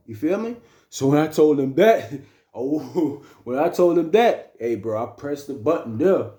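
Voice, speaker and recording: A young man casually telling a story, animated and slangy, often repeating phrases. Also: on the high side, moderate pace. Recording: roomy echo.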